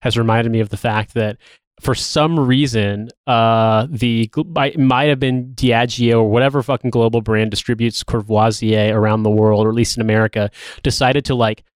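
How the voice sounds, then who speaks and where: A man's voice: mid-range voice, steady tone, moderate pace, clear, resonant tone, no room sound, clean studio sound. A man on a podcast, talking in a sardonic casual way and swearing freely. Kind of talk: casual chat.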